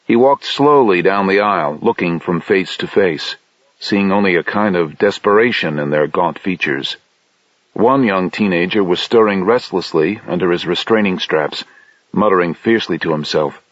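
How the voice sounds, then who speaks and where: A man reading a science fiction audiobook in steady, measured narration. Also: sits low, dry recording. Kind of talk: scripted narration. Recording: dull lo-fi dry audiobook recording.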